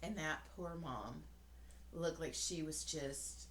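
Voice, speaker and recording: A woman's voice: low-pitched, slow pace. A woman in her forties co-hosting a podcast, telling a long story in casual chat, swearing freely and acting out what people said. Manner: rambling, swears freely, acts out quotes. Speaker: podcast co-host. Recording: roomy echo.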